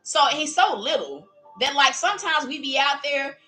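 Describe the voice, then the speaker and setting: A woman preaches in an animated, casual way, slipping into playful voices for the people she describes. Her voice sits high and sounds bright, with faint music under her words. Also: moderate pace, low-quality recording. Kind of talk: livestreamed preaching.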